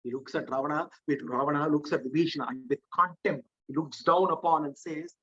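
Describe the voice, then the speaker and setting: A man, a spiritual teacher, retells scripture in a live discourse and often restarts his phrases. His voice sits somewhat high, and the recording is dull. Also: steady tone, brisk, few pauses, sharp tone, breathy edge. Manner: recites verses, retells with restarts.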